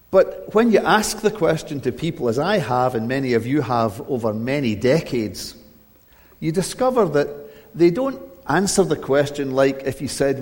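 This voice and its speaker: A man's voice: mid-range voice, big pitch swings, moderate pace, darkish tone. A middle-aged male pastor giving a conversational, self-deprecating sermon and reading scripture aloud in a church. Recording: long reverb of a church hall.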